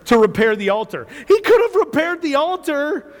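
High-voiced animated preacher in a hall. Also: male voice, normal speed. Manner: animated storytelling, acts out quotes, laughs often. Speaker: pastor. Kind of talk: sermon. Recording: reverberant hall.

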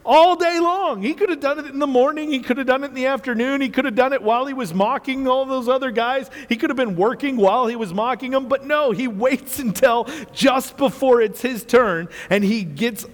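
A man preaching a sermon with animated storytelling, acting out quotes and laughing often as he goes. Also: very high voice, fairly quick, hardly any pauses. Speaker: pastor. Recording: reverberant hall.

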